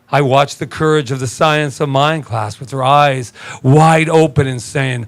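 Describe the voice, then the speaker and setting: Animated man preaching a sermon. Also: on the high side, a little slow, hardly any pauses. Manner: animated, conversational preaching with laughter. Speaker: minister. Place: church sanctuary.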